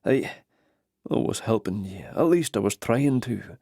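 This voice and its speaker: A man voicing a passionate Highland warrior in an audiobook, speaking in an earnest, pleading Scottish brogue. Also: expressive, a little slow, gravelly, mellow, breathy edge, dry recording, studio quality, heavily acted. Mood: urgent. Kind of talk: audiobook character voice.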